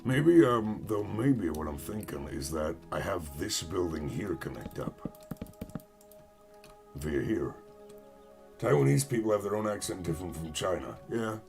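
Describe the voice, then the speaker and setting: Young American man, lively up-and-down delivery, rambling gamer chat, soft music behind. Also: sits low, measured pace, creaky. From United States. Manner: rambling, self-mocking, chats with viewers. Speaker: gaming streamer. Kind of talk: casual chat while playing.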